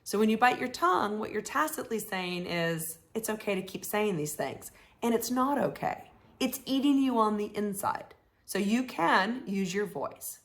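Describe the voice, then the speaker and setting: A woman's voice: medium pitch, expressive, moderate pace. Coaching woman acting out sample lines. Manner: warm coaching tone, acts out sample phrases. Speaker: life coach host. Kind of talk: coaching advice to viewers.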